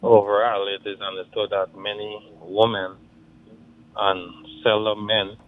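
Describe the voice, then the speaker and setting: A man's voice: on the low side, level tone, unhurried. A man calling in with a Guyanese accent, talking bluntly and rambling in creole-tinged phrasing. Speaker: caller. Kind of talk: casual call-in chat. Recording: tinny phone line.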